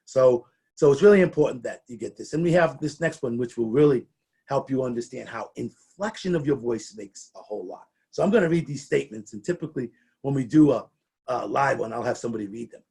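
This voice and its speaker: Man, middle-aged, trainer, husky voice, conversational presentation, restarts and repeats words. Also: medium pitch, lively intonation, fairly quick, dark tone.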